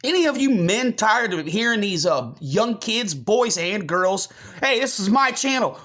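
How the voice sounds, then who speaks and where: A man's voice: high voice, lively intonation, unhurried, sharp tone. Angry, profane American man ranting. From United States. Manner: combative, profane, scornful ranting. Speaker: channel host. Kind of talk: ranting commentary.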